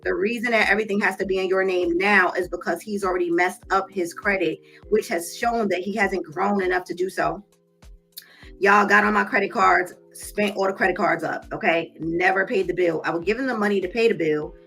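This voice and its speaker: A woman's voice: mid-range voice, fairly even intonation, a little fast, gravelly, fairly bright tone, soft background music. A woman hosting a live stream, who tells her own story candidly and speaks straight to her viewers. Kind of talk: casual live-stream talk.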